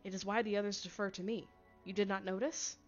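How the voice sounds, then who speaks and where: A woman's voice: mid-range voice, steady tone, fast, natural voice. Woman reading a werewolf alpha guy, earnest and protective, kinda dull audio, bit of music. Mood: solemn. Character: protective male werewolf alpha, solemn and devoted.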